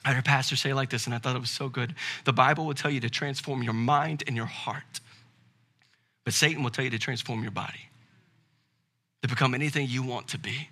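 A male pastor with a Southern American accent delivering a sermon, building to loud, emphatic preaching and then dropping to a quiet tone. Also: medium pitch, fairly even intonation, a little fast.

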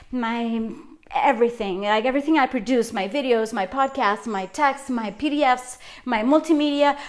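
A middle-aged woman hosting her own podcast, talking casually and effusively about gratitude and self-talk, laughing often. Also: high voice. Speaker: podcast host. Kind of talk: casual motivational monologue.

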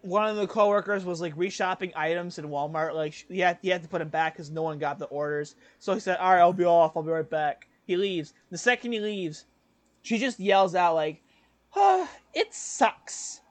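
A young man co-hosting a podcast, telling a workplace story in casual chat, lively and acting out what others said. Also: sits high, brisk, no echo. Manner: animated, acts out quoted voices, laughs often. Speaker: podcast co-host.

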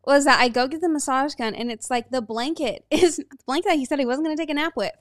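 A woman's voice: high voice, fast talker, a bit bright, no echo, clean studio sound. A young woman co-hosting a podcast, animatedly telling a story and acting out the quotes. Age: young adult. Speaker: podcast co-host. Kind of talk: casual chat.

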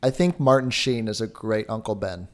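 A man's voice: fairly low pitch, normal speed. A young man co-hosting a podcast in casual chat, rambling and jokey with lots of filler words. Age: young adult. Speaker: podcast co-host.

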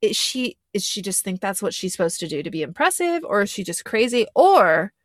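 A woman's voice: mid-range voice, very animated, fairly quick, no echo, studio quality. A young woman in casual podcast chat, opinionated and emphatic, making sweeping asides.

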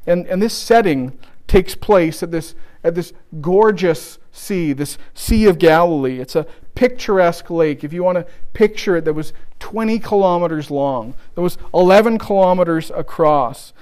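A man's voice: sits high, expressive, normal speed, a little mellow, clear, resonant tone. A man preaching a sermon, earnest and pleading as he urges his listeners.

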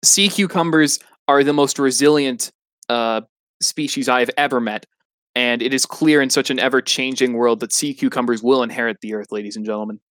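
A man voicing a learned old snailfish who explains things in a measured way with many pauses. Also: mid-range voice, steady tone, a bit bright, no echo, lightly acted. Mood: lecturing. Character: learned old male snailfish, knowledgeable and calm. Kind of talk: comedy podcast role-play.

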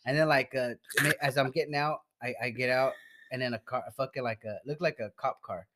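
A man's voice: mid-range voice, fairly even intonation, brisk, very noisy. A man telling a long, profane story in casual chat, stumbling over his words and laughing as he goes.

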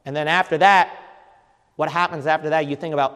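A man preaching a sermon, hammering his points home with repetition and breaking into sudden loud bursts. His voice sits fairly high for a man. It rings out with a long reverb in a church hall. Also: steady tone, fairly quick, pauses often. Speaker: pastor.

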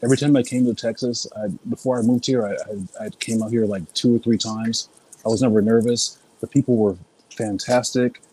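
A man from California, a guest in a casual conversation, telling lively stories and repeating phrases as he goes. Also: medium pitch, brisk, a little hiss or hum, low-quality recording. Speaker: interview guest.

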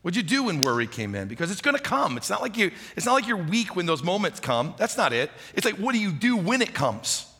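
A man's voice: high-pitched, bright, forceful tone, slightly rough. A man preaching a sermon, telling a personal story in a conversational way and asking the listeners questions. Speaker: pastor. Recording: long hall reverb.

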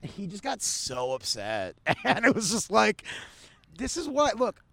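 Lively high-voiced man telling stories. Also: measured pace, creaky, no echo. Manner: animated, acts out other people with big pitch jumps. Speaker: comedian, podcast guest. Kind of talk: casual storytelling chat.

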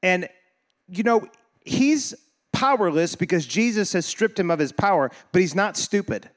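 Pastor guy giving a chatty sermon, kinda high voice that bounces all over, cracks jokes. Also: moderate pace. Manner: animated and conversational, acting out quoted voices; jokes and laughs with the congregation.

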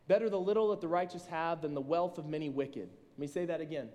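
A man, a school reading teacher, giving a sermon to a room and reading scripture slowly and deliberately. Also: on the high side, lively intonation, mellow. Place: room with an audience. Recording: long reverb from a large room.

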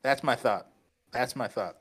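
Male co-host, loose rambling delivery, frequent laughs, average pitch. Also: unhurried, fairly bright tone, breathy edge. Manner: rambling, hedging, laughs often. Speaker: podcast co-host. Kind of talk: casual podcast chat.

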